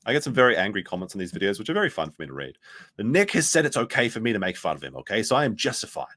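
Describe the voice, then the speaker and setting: A man's voice: lowish voice, sing-song, very fast, fairly bright tone. A man giving sarcastic, rambling commentary on clips as a streamer. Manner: sarcastic, rambling, mimics others in quotes.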